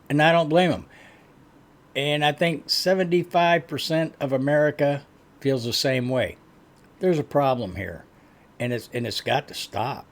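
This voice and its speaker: A man hosting a reaction channel, giving blunt, opinionated commentary in a conversational way. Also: a little high.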